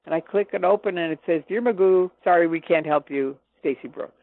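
An older woman telling her personal story as an interview guest, animated and acting out the dialogue she quotes. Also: lowish voice, fairly quick. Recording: tinny dry phone line.

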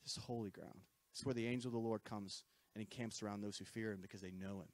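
A man with a lowish, fairly even voice preaches a sermon to a congregation, talking fast in a conversational way. He keeps checking in with "right?" and repeats himself often. There's no echo.

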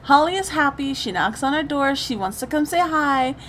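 A young woman hosting a let's play, chatting through the game in an animated, gushing way with bursts of laughter. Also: high voice, normal speed, a little hiss or hum. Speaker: gaming channel host.

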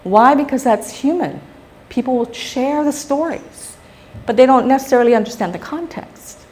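A middle-aged woman from Guam is giving a public talk. Her voice sits high, and she tells her stories with animation, turning often to the audience with questions. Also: moderate pace, a little mellow. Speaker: guest speaker.

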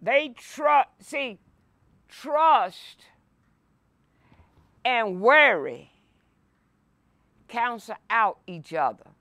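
Woman pastor teaching bible study, slow and emphatic, dry close sound. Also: fairly high pitch, sing-song, bright, forceful tone, no echo. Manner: slow, emphatic preaching, reading scripture aloud and repeating key phrases. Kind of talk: sermon-style Bible lesson. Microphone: no mic, by her own words.

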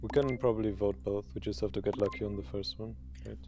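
A low-pitched man speaks in casual game voice chat. He defends himself by walking through his actions one step at a time. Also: steady tone, quick pace. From Germany. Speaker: game player.

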